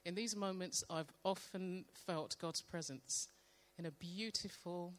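A woman sharing a calm devotional testimony and leading a slow, meditative guided prayer. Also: fairly low pitch. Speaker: church member sharing testimony.

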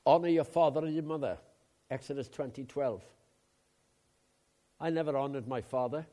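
An older man from Wales preaching a sermon, swinging between loud emphatic outbursts and quiet asides. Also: mid-range voice, normal speed. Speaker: pastor.

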